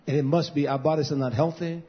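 Man, pastor, husky voice, fiery sermon with loud and hushed swings, dull lo-fi recording. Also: on the high side, fairly even intonation, quick pace. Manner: impassioned preaching that swings between loud and hushed. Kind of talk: sermon to a live stream.

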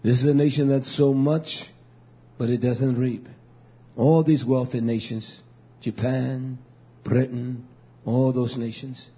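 A man preaching a fiery sermon, swinging between loud declarations and low, muttered asides. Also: fairly even intonation, takes it slowly, pauses often, slightly rough. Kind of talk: fiery street-style sermon. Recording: dull lo-fi recording.

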